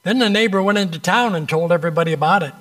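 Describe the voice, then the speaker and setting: Higher-voiced man preaching a story sermon. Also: a bit bright. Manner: storytelling, varied dramatic pauses.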